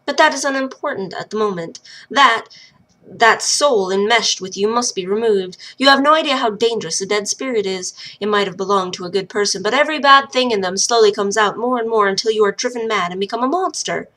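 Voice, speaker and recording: A woman voicing a stern, commanding warrior woman who lectures a child in a bright, firm tone. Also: medium pitch, brisk, natural voice.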